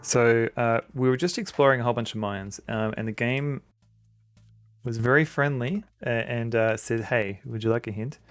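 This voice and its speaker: Casual male streamer, mid-pitched, rambling commentary with chuckles, game music faint under. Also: normal speed, clean tone. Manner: rambling, chuckling, greets chat.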